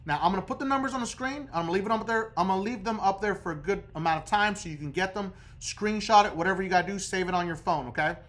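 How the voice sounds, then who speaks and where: A man's voice: high voice, fast, few pauses, a bit bright. A man coaching viewers on credit repair in a casual instructional video, talking emphatically and checking in with the viewer over and over.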